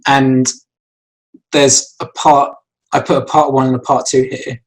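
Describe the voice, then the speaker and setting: A man's voice: medium pitch, little pitch movement, a little slow, pauses often, low-quality recording. A man, an animator, explaining his acting choices for a shot in a casual, rambling way with many fillers and restarts. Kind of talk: casual lesson talk.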